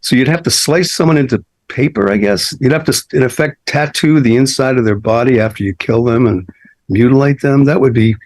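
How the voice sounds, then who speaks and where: A married man trading banter in a deadpan, darkly joking manner, with a middle-pitched voice. The sound is close and dry with little room around it. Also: fairly quick, dry recording, low-quality recording. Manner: dry, dark deadpan jokes. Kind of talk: casual chat. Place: restaurant wine cellar.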